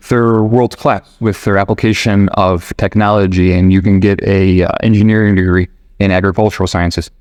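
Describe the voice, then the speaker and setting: A man from the United States hosting a podcast, talking in a relaxed, rambling way with restarts and quoted asides. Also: lowish voice, dry recording, studio quality. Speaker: podcast host. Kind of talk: casual explanatory monologue. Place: living abroad in Argentina.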